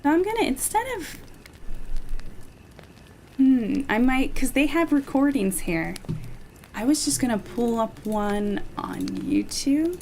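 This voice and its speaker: A woman's voice: high voice, very animated, takes it slowly, pauses often, mellow, a little hiss or hum, low-quality recording. A woman VTuber chatting casually with her viewers between ASMR readings, with laughing asides.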